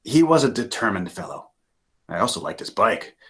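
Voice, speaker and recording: A man's voice: lowish voice, very animated, normal speed, a bit bright. A man voicing a friendly male Bigfoot telling his story in an easygoing way.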